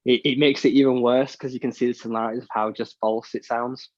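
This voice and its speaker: A man's voice: mid-range voice, fairly even intonation, quick pace, no echo. A British man co-hosting a podcast, giving blunt, opinionated takes in casual chat that rambles with restarts. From United Kingdom. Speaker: podcast co-host. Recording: dull, dry lo-fi mic sound.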